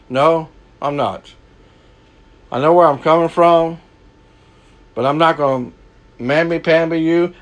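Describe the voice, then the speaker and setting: A man preaching a sermon, folksy and lively, swinging from hushed lows to loud highs.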